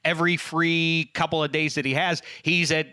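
A man's voice: a little high, fairly even intonation, normal speed, sharp tone, clear, resonant tone, dry recording, clean studio sound. A man in his late fifties hosting a casual chat, rambling and self-mocking with many fillers. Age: 50s. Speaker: sports radio host.

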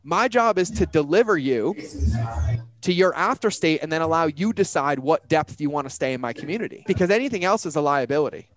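A man talking as a business coach in a casual, animated way, full of slang and acted-out quotes. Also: a little high, a little fast.

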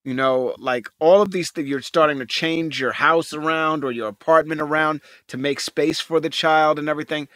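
A man's voice: on the high side, fairly even intonation, normal speed, hardly any pauses, a bit bright, no echo. A man in his forties co-hosting a casual podcast, talking animatedly, swearing freely and acting out what people said. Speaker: co-host.

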